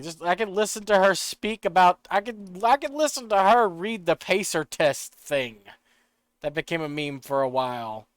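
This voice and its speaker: Excitable streamer with a clear, dry voice. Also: male voice, high-pitched, moderate pace, dry recording. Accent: slight rural American. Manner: rambling, excitable, swears casually. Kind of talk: casual livestream chatter.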